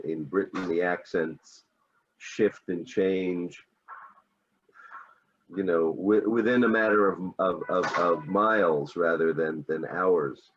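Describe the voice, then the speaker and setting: Man, American accent, very deep voice, casual teaching chat, hesitant with fillers, dull lo-fi sound. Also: slight background noise. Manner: relaxed, hesitant, many fillers. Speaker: English teacher.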